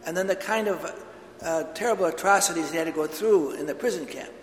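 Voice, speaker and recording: Speaking fairly quickly in a somewhat high voice, this priest tells stories through an earnest homily. The large church gives the sound a long, echoing tail, plus a faint hiss or hum.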